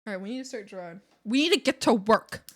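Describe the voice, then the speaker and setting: High, bright-voiced playful woman streamer. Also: lively intonation, quick pace. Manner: playful and theatrical, thanking chat. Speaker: art streamer. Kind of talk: casual stream chat while drawing.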